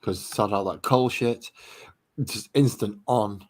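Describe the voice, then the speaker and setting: A man's voice: on the low side, steady tone, slow pace, a little mellow. A British man chatting casually, bantering in a dry, understated way. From United Kingdom. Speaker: guest in chat. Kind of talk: casual chat.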